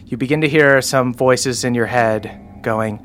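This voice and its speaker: A man narrating and running a tabletop game as game master, playful and quick to laugh. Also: mid-range voice, fairly bright tone, a little hiss or hum.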